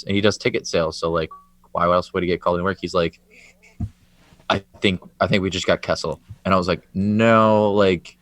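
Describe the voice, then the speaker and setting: A man's voice: deep voice, fairly even intonation, a little fast, fairly bright tone, no room sound. A man co-hosting a casual sports podcast, tossing in dry wisecracks and telling stories with animation. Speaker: podcast co-host.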